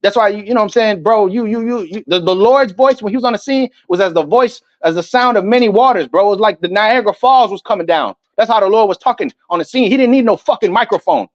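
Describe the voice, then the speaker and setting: A man giving a ranting commentary, loud and emphatic, stumbling over repeated words as he reads definitions aloud. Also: sits high, quick pace, hardly any pauses, dry recording. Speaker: online commentator. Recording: dull lo-fi dry sound.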